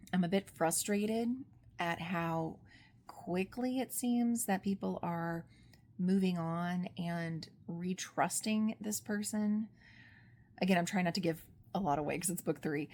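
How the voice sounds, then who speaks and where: A woman talking casually about books in her vlog, gushing and excitable, breaking into squeals and laughter. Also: on the low side, gravelly. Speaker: book vlogger. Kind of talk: casual book review vlog.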